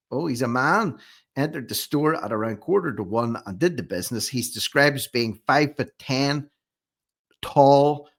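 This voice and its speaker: A man's voice: mid-range voice, fairly bright tone. A man hosting an opinionated commentary vlog, reading news reports aloud and then firing off indignant rhetorical questions. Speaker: host of a commentary channel.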